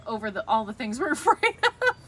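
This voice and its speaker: A woman co-hosting a casual chat, telling lively stories and laughing often. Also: a little high, brisk, slight background noise. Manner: animated storyteller, laughs often. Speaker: co-host.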